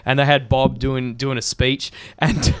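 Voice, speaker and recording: Relaxed host, smooth voice. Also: male voice, medium pitch, measured pace, no echo. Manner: relaxed, laughs easily. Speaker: host, musician. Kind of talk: casual chat.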